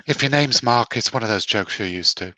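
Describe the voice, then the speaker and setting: Bright, dry-sounding bantering co-host. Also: male voice, on the low side, expressive, fairly quick, no echo, rough recording. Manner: chatty, teasing, dry humour. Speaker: co-host reading out viewer comments. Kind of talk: casual live-stream banter.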